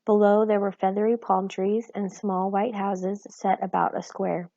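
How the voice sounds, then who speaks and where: A woman calmly reading a children's novel aloud in an even storytelling manner. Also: medium pitch, unhurried, creaky, dry recording, dull audio. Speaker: reader.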